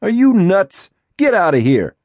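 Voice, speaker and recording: A male narrator voicing a brash, crude young man who shouts in anger. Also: high-pitched, very animated, unhurried, dry recording, voice pushed up. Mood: angry. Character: brash angry young man caught off guard.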